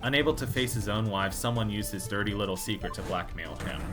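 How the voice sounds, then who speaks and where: A lowish male voice narrates a courtroom game as music plays underneath. Reading the characters' lines aloud in a playful let's play, he keeps punning and joking, tossing in quick asides as he goes.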